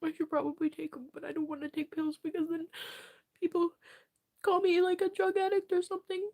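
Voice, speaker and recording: A young woman livestreamer crying as she talks, apologizing and answering her chat in halting bursts. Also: very high-pitched, flat delivery, mellow.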